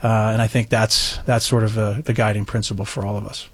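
A man speaking as a hockey team's president at a press conference, in an earnest, measured way. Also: fairly low pitch, flat delivery, husky, dry recording.

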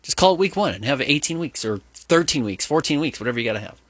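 A man's voice: fairly high pitch, animated, fast talker, fairly bright tone, husky, no room sound. A man co-hosting a casual sports talk show, rambling and wry.

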